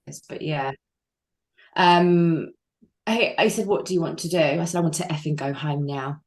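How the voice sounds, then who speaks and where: Woman telling a painful story, low-voiced. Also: moderate pace, a little mellow. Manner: raw, emotional, frank with dry humour. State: crying at times. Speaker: interview guest. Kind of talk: candid personal storytelling.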